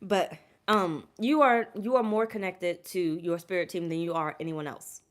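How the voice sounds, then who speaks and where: A woman's voice: on the low side, steady tone, normal speed. A woman giving a casual, chatty tarot reading to viewers and calling them "y'all". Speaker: tarot reader.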